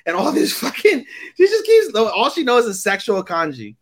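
A man co-hosting an anime podcast, chatting casually, swearing often and acting out scenes in high put-on voices. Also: wildly swooping pitch, moderate pace. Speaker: podcast co-host.

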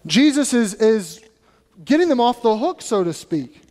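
A male pastor giving a sermon in an animated, conversational way, with acted asides, in a church sanctuary. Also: very high-pitched, unhurried, big-room sound.

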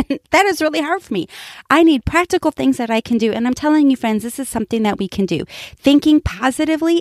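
A woman's voice: on the high side, dry recording, studio quality. Earnest, encouraging woman pastor. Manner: earnest, encouraging, speaks directly to listeners; emphatic repetition, light laughs. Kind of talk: devotional message to listeners.

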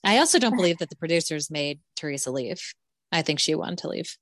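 A young woman with a lower voice chats about reality TV in a relaxed, unhurried way, dotting her sentences with "like" and "um". The recording is dry and close to the mic. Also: no room sound. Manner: relaxed, drawn-out, lots of fillers like "like" and "um". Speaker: podcast co-host. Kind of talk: casual chat about reality TV.

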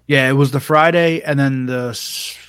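A man's voice: medium pitch, steady tone, moderate pace, fairly bright tone, clean tone, no room sound. A man co-hosting a casual live podcast chat, joking and laughing easily. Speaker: podcast co-host.

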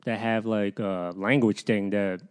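A man's voice: on the low side, fairly even intonation, measured pace, darkish tone, smooth. A man from the United States in casual chat, curious and full of questions, leaning on "like" and "you know".

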